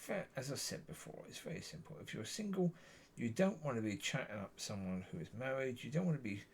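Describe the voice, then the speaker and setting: Man, low and gravelly, husky tone, lively pitch swings, meandering faith vlog monologue. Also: brisk, slight background noise. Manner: meandering, repeats himself, frequent self-corrections. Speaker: Christian vlogger. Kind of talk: rambling personal testimony.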